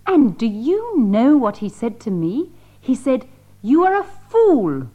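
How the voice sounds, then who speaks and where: A woman's voice: high-pitched, sing-song, takes it slowly, heavily acted. An actress playing an indignant young woman with emphatic exclamations, on a dull lo-fi tape.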